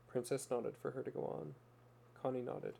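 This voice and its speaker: A man narrating a story in a measured, earnest reading style. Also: medium pitch, flat delivery, vocal fry, dark tone, slight background noise.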